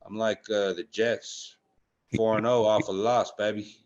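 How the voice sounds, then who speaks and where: A man's voice: fairly low pitch, little pitch movement, unhurried. A man co-hosting a casual sports betting chat, blunt and full of swearing, with many "uh" and "um" fillers. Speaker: podcast co-host. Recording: dull lo-fi sound.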